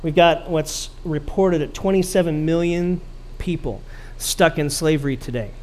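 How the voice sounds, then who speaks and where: Preaching man with a higher voice. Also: normal speed, darkish tone. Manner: storytelling, asks the congregation questions; dry sarcasm. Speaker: pastor. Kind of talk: sermon.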